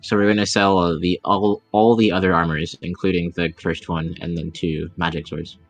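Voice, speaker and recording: Low-voiced man playing a tabletop game. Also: normal speed, no echo, soft background music. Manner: relaxed, thinks aloud with fillers. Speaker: player. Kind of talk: casual game chat.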